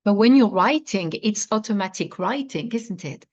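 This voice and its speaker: A woman interviewing a guest over a video call, asking questions slowly and gently. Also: mid-range voice, animated. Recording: dull lo-fi video call audio.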